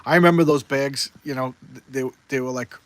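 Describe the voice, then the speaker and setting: A man's voice: mid-range voice, steady tone, a little fast, dry recording. A man reviewing old comic books in casual chat, talking eagerly and rambling with frequent restarts.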